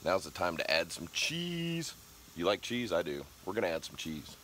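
Brief: male cooking vlogger, low voice, hoarse with a cold, excited chatter, faint background noise. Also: normal speed. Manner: enthusiastic, chatty, talks to viewers. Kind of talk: casual cooking vlog. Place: backyard grill and home kitchen.

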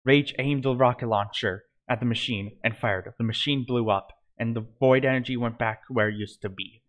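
A man's voice: mid-range voice, fairly even intonation, moderate pace. A man reading a fan-written adventure story aloud in an amateur way, stumbling and correcting himself. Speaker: narrator.

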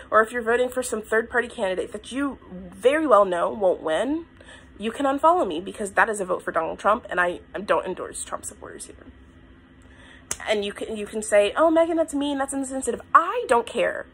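A woman's voice: medium pitch, fairly quick, fairly bright tone, a little hiss or hum. A woman vlogger from the United States talking straight to her camera, blunt and impassioned, at times tearful. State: tearful, crying. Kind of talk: emotional talk to camera. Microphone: phone or camera mic.

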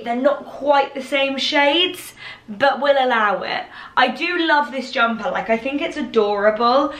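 Young girl rambling through a clothes try-on, kinda high voice, roomy echo, mic a bit far off. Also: a bit bright. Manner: chatty, rambling, self-mocking. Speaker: fashion vlogger. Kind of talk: casual try-on haul chat. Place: her bedroom, indoors. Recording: echoey room, mic set back.

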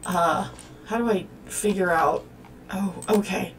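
A woman's voice: mid-range voice, slow, distant mic. A woman hosting a let's-play, commenting on a life-sim game in a profane, exclamatory way as she talks at the characters. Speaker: gaming channel host.

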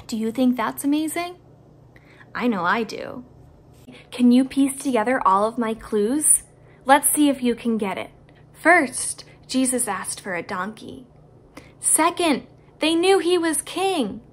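A woman teaching children at church, telling a story with lively enthusiasm and talking straight to the kids. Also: on the high side. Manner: animated, enthusiastic, speaks directly to kids.

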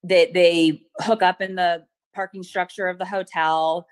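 Middle aged woman, lowish voice, testifying on a video call, lots of ums. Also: level tone. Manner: hesitant, many pauses and ums. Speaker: witness testifying at a protective order hearing. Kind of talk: courtroom testimony, retelling events.

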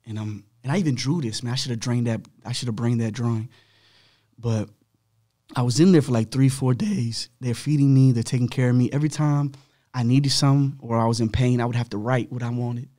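Podcast guest, young man, slightly rough voice, animated casual storytelling that acts out the dialogue. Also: medium pitch, a little fast.

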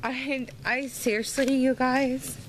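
A woman's voice: high-pitched, steady tone, takes it slowly, slight background noise, rough recording. Tipsy, frustrated woman venting on camera. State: tipsy, slightly slurred from wine. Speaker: vlogger. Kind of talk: casual vlog monologue. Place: at home and outdoors in her yard.

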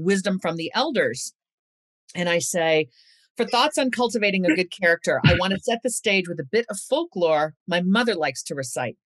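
A woman's voice: fairly low pitch, no room sound. A middle-aged woman author talking earnestly in an interview and reading a passage aloud in a storyteller's cadence. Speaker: author and guest.

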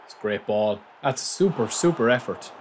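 A young man giving casual, excitable commentary over a football video game he is playing. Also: lowish voice, normal speed, slight background noise. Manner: excitable, reacting loudly to plays. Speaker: gaming YouTuber.

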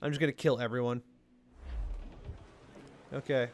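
A man's voice: on the high side, animated, a little fast. A young man giving casual let's-play commentary, rambling and mocking himself as he goes. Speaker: gaming video host.

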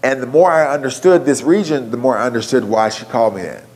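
A man's voice: mid-range voice, quick pace, a little mellow, a little hiss or hum. A man giving a keynote talk, telling a story in a conversational way and putting questions to a live audience. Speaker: keynote speaker.

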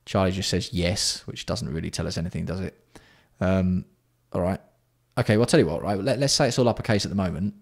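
A man hosting a casual livestream, bantering with chat and swearing freely while keeping his voice fairly hushed. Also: deep voice, fast talker, gravelly, hardly any pauses. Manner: banter-filled, sweary, reads out and answers chat. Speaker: livestream host.

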